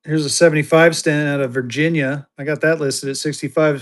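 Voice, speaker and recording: A man's voice: a little high, normal speed, hardly any pauses. A man hosting a live online auction, chatty and jokey, bantering with viewers as he shows items. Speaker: livestream seller and host. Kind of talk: casual live auction selling.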